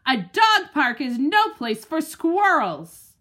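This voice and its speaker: An excitable pet dog, as a woman reading the story puts it on, yaps in a high, bright voice that leaps all over the place. Every word comes out loud and eager. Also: takes it slowly, heavily acted. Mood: indignant. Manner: yappy, bursting with eagerness.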